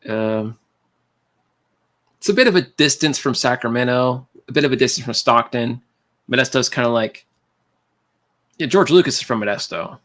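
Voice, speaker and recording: A man's voice: mid-range voice, animated, moderate pace, pauses often, fairly bright tone. Rambling, laid-back man chatting on a stream. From California. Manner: rambling, laughs often, calls people man and dude. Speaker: livestream host. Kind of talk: casual chat with viewers.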